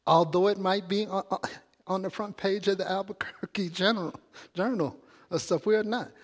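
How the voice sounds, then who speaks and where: Preacher in a reverberant church hall. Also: male voice, high voice, fairly even intonation, normal speed. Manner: conversational, calls out to the congregation. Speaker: pastor. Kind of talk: sermon.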